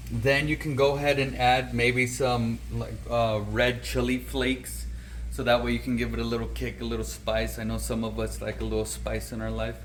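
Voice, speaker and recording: A man's voice: mid-range voice, slight background noise, rough recording. A man hosting a home cooking video, talking casually and checking in with viewers with a frequent "okay?". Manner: chatty, says "okay?" often. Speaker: cooking channel host.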